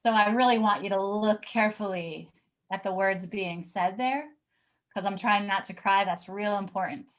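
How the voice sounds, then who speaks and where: A woman's voice: medium pitch, normal speed, a bit bright, rough recording. A woman educator giving a live online talk, telling a classroom story, acting out the people she quotes and reading replies from the chat.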